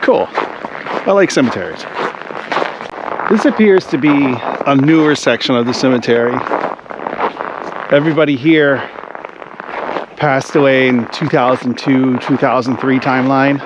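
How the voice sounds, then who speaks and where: Unhurried and pausing often, this man speaks in a medium pitch over a noisy background. He's a travel vlogger filming a casual walking vlog outdoors in a wintry, snowy cemetery, musing aloud and peppering his talk with "like."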